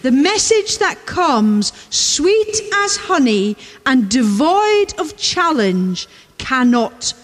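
In a large church whose long reverb makes her voice ring, a high-voiced woman preaches a sermon slowly, with big pitch swings, repeating important lines to give them weight.

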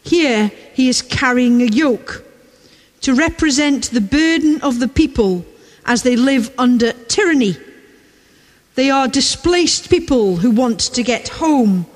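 Slow high-voiced woman preaching in reverb. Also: expressive. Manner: measured, repeats key lines for emphasis. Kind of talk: sermon.

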